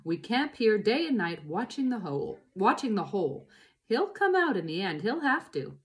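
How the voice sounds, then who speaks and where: A woman voicing a nasty, scheming male farmer who shouts his threats in a storybook reading. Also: medium pitch, sing-song, moderate pace, natural voice.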